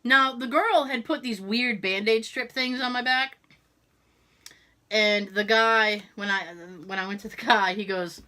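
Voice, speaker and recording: A woman's voice: a little high, a little slow, sharp tone. A woman co-hosting a podcast, telling a story in casual chat, swearing freely and laughing as she goes. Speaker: podcast co-host.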